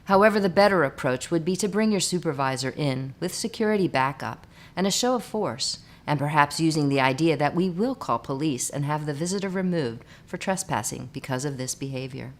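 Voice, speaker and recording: A woman reading scripted narration for a hospital staff training video, measured and instructive. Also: deep voice, lively intonation.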